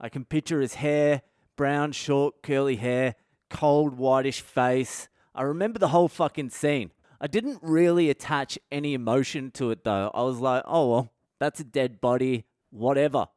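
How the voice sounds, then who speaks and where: A man's voice: mid-range voice, moderate pace, darkish tone, smooth, no echo, clean studio sound. A man hosting a podcast, telling a story in a candid, profane, casual monologue and laughing at himself. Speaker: podcast host.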